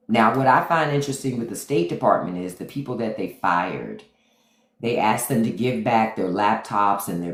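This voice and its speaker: A middle-aged man hosting a casual livestream, blunt and profane, greeting his chat by name as he comments. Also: on the low side. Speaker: livestream host. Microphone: phone. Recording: echoey room.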